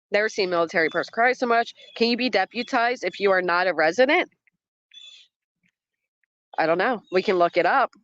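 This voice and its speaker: A woman runs a commentary livestream and questions what she hears in a skeptical, argumentative way. Her voice sits at a middle pitch. The sound is dry and slightly dull. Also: fairly bright tone, no room sound. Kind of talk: reacting to a clip and chatting with live chat.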